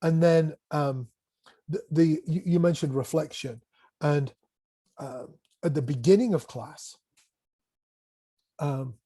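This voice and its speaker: Husky, animated man telling a story. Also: a little high, slow pace, pauses often, dry recording. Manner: animated, acts out quotes, swears casually. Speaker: guest, music educator. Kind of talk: casual conversation, storytelling.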